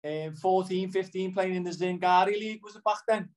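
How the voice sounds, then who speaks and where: Speaking with a Liverpool accent, a middle-aged footballer rambles through a casual interview, frequently asking "do you know what I mean". The audio is poor; his voice sits high and darkish, with fairly even intonation and a slightly fast pace.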